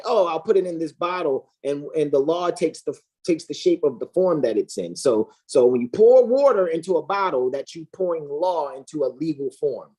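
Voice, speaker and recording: A woman's voice: a little mellow, slightly rough. A woman co-hosting a heated, casual discussion, talking in an emphatic, profane and preachy way. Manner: emphatic, profane, preachy, swings between high and low pitch. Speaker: co-host.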